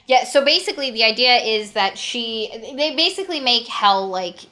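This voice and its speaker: A woman's voice: on the high side, animated, moderate pace, sharp tone. A woman co-hosting a casual book-critique podcast, retelling a story with acted-out quotes and swearing. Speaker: podcast co-host.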